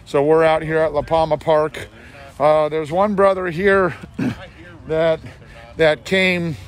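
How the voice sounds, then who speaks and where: A hoarse man with a scratchy voice gives an earnest, rambling video update as an outreach pastor, recorded outdoors in a park on a handheld phone. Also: fairly high pitch. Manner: earnest, rambling, with many fillers.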